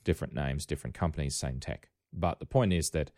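A man's voice: a bass voice, brisk, darkish tone, dry recording, studio quality. A man with an Australian accent hosting a casual tech podcast, rambling and wry, often correcting himself mid-sentence. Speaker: podcast host.

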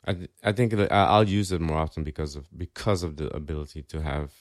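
A man with a mixed Dutch and Jamaican accent, a guest on a tech podcast, agreeable and quick to laugh. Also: rumbling low, fairly even intonation, dry recording, studio quality. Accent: Dutch and Jamaican mix. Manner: agreeable, laughs easily, brief replies. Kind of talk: casual tech podcast chat.

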